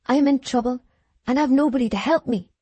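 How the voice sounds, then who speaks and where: A woman's voice: sits high, fast, a little mellow, breathy edge, dry recording, voice pushed up. Woman voicing a humble pleading barmaid. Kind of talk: audiobook character reading.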